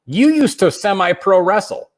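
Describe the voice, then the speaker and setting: A man's voice: high-pitched, lively intonation, normal speed. A man hosting a casual interview, giving short prompts and dry quips. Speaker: podcast host.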